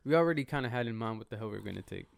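A man's voice: on the low side, animated, very fast, creaky, dry recording. A young man co-hosting a podcast, chatting casually with lots of slang and swearing. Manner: slangy, swears a lot, says bro and dog. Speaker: podcast co-host. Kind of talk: casual chat.

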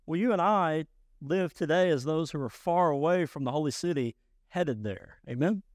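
A man preaching a sermon as pastor, emphatic and rising to loud bursts. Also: on the high side, moderate pace, no echo, clean studio sound.

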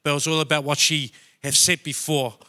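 A man from New Zealand with a bright, forceful, somewhat higher voice tells his story in church. He speaks in a heartfelt, emotional way, as a personal testimony. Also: flat delivery, fairly quick. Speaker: church member sharing testimony.

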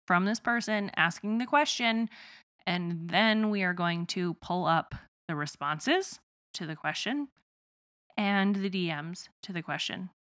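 A woman's voice: on the low side, a bit bright. A woman in her thirties from the rural Midwest with a slight twang, co-hosting a casual podcast, chatty and laughing often. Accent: rural Midwestern American with a slight twang. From rural Midwest of the United States. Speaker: podcast co-host.

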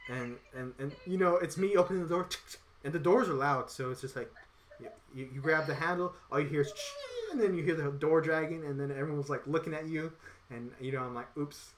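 A man's voice: fairly high pitch, brisk, a little hiss or hum. A man telling a story in casual chat, rambling with lots of filler words and acting out the lines of the people in it. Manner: rambling, acts out quoted dialogue.

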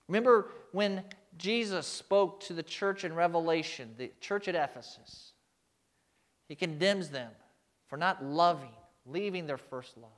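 A man's voice: high voice, a bit bright. A male pastor delivering a sermon with emphasis, putting rhetorical questions to his congregation.

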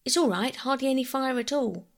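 A brave, quick-thinking schoolboy, as a woman reader puts him on, calling out with urgent firmness. His voice sits a little higher and louder than the telling around it, with a gravelly edge. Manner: urgent, firm calls.

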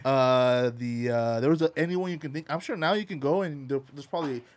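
A man hosting a casual podcast chat, joking, cursing and firing off quick questions. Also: medium pitch. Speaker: podcast host.

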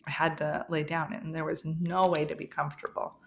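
Low-voiced woman telling a story, laughing often. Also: little pitch movement, brisk, vocal fry, a little hiss or hum. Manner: chatty, laughs often, trailing restarts. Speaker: podcast host. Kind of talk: casual personal storytelling.

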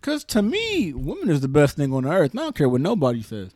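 A man hosts a casual podcast chat with a lively, swinging pitch, often repeating his words as he works out a point. His voice is recorded close and dry. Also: fast, no echo. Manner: animated, repeats words, laughs. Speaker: podcast host.

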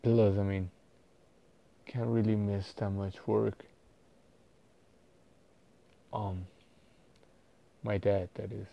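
Man vlogging, gravelly low voice, slow halting ramble, dull lo-fi sound. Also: little pitch movement. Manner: rambling, halting, many fillers and restarts. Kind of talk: casual personal vlog talk.

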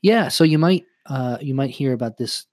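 A man of middling pitch who explains church practice in a thoughtful, unhurried way, often pausing on fillers and restarting his sentences. He is heard close to the mic, with no room echo at all. It sounds like an easy podcast chat. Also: expressive, a little mellow. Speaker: priest and podcast co-host.

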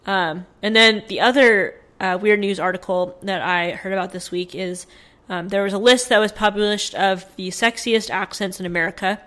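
A woman's voice: mid-range voice, steady tone, moderate pace, a bit bright. A woman co-hosting a casual podcast, sharing news stories in a chatty way with plenty of fillers. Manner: chatty, reads from notes with fillers. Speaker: podcast co-host.

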